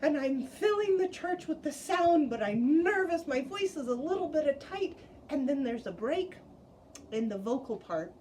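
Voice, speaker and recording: Woman storyteller, high voice, animated, lively swings in pitch and loudness. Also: a little slow, slight background noise, rough recording. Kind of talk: personal story told at a story slam.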